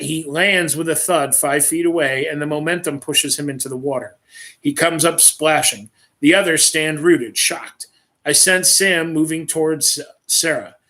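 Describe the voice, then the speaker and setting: A man's voice: fairly high pitch, pushed and bright. A man reading his own first-person story aloud on a livestream, reading dramatically and breaking off for offhand asides.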